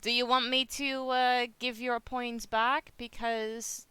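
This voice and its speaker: A woman's voice: a little high, level tone, slow, sharp tone, clear, resonant tone, no room sound. Dutch accent girl streaming, giggly, super clean dry mic sound. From Netherlands. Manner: chatty, giggly, reads chat aloud. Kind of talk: casual live-stream chat with viewers.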